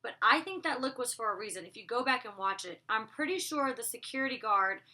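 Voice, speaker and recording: A woman's voice: a little high, animated, fairly quick, sharp tone. A woman reviewing a TV episode in a casual vlog, rambling and chatty with many asides. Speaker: TV show reviewer.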